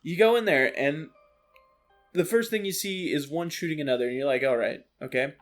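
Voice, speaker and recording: A man's voice: on the high side, a little fast. Profane, ranting young-sounding man. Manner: animated, profane, exasperated ranting. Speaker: streamer. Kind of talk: ranting gameplay commentary. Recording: faint lo-fi music underneath.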